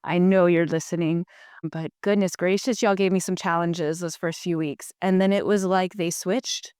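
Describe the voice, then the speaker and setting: Smooth-voiced woman hosting a chatty interview. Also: on the low side, fairly even intonation, normal speed, no room sound, studio quality. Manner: chatty and warm-humored, addresses former students directly. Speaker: podcast host, teacher. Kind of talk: casual interview conversation.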